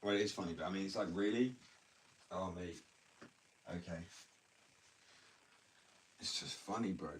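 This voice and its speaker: A man's voice: sits low, unhurried, pauses often. A young man from England ranting bluntly and ramblingly in a casual livestream, full of slang. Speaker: live streamer. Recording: distant mic with faint background noise.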